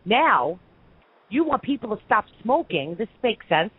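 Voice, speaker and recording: Woman radio host, heated rant, husky voice, thin phone-like sound. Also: mid-range voice, very animated, unhurried. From Brooklyn, New York. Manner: heated, ranting. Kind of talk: call-in radio commentary.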